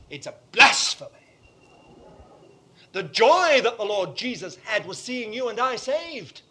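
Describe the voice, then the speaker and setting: A man preaching a sermon with impassioned conviction, dropping to hushed tones and then rising to forceful, emphatic repetition. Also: high-pitched, a little hiss or hum.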